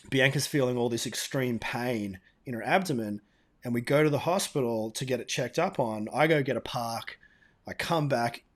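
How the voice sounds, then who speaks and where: A man co-hosting a podcast, telling stories in an animated, emphatic, casual way. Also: medium pitch. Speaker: podcast co-host. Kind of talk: casual storytelling chat.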